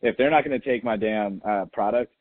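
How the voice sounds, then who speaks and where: Young male host, lowish voice, run-on enthusiastic talker; tinny, dry line. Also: brisk, no echo. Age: young adult. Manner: enthusiastic, slangy, thinks aloud in long run-on turns. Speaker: podcast host. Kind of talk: casual interview chat.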